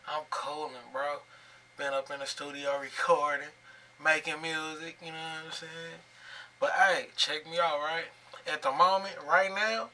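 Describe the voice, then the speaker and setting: A man's voice: fairly high pitch, sharp tone, recorded from a distance. A man hosting a reaction video, talking casually in slang and often asking "you feel me". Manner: laid-back slangy talk, frequent "you feel me". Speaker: reaction channel host.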